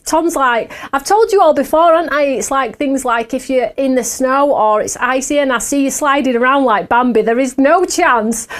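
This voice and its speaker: Chatty woman hosting a live show. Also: a little high. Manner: chatty and giggly, laughs at herself often. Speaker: host of a live craft shopping show. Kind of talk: casual live chat with viewers.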